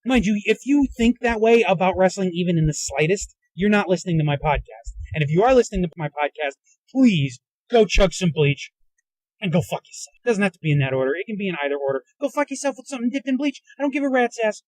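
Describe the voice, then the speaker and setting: A man's voice: high voice, animated, fast, a little mellow, no echo, low-quality recording. A man hosting a podcast, delivering an agitated, profane solo rant while riding in a car. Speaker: podcast host. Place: inside a moving car. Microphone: handheld recorder in a car.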